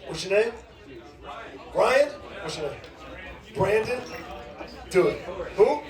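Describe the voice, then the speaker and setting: Brash high-voiced man hosting a comedy club. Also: big pitch swings, slow, recorded from a distance. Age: middle-aged. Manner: brash, profane, teasing the audience. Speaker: comedy show host. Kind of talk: stand-up crowd work. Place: large comedy club, live audience. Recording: echoey club room, crowd noise.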